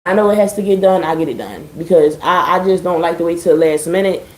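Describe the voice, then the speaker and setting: A chatty woman talks straight to her viewers in a mellow, warm voice, swearing freely with dry sarcasm. Her voice carries a roomy echo, like a live stream from home. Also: lowish voice, fast talker. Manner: chatty, profane, addressing viewers as y'all. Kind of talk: casual live-stream chat.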